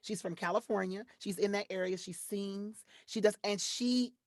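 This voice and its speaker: A woman's voice: mid-range voice, normal speed, dry recording, clean studio sound. A woman from Detroit, a voiceover artist, talking as an interview guest and acting out voices as she explains her work. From Detroit, USA. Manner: expressive, acts out voices while explaining. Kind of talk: casual interview chat.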